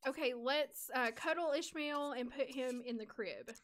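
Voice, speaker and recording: A woman with a high voice and normal pace chats casually while streaming a life-sim game. She has an American accent, giggles and laughs a lot, and reads and responds to her chat.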